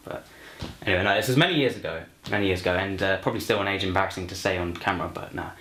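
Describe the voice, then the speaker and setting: Young man, rambling, lots of ums, low voice, roomy echo, faint music. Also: steady tone, very fast, a bit bright. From London. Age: young adult. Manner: rambling, many fillers and restarts. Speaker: university student, actor. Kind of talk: self-introduction and comic story for a showreel.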